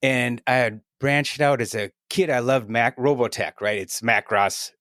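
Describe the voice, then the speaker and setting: A middle-aged man talking as a guest in a casual podcast conversation, energetic and chatty, often tagging his points with "right?". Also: mid-range voice, unhurried, no echo, studio quality.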